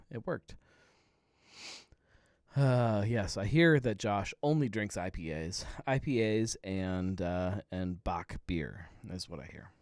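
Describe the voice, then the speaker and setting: Man, thirties, casual host, rambling and chuckling, lowish voice, dry close sound. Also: a little mellow, dry recording. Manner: rambling, laid-back, chuckles often. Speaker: podcast host. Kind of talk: casual live-stream chat. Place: home.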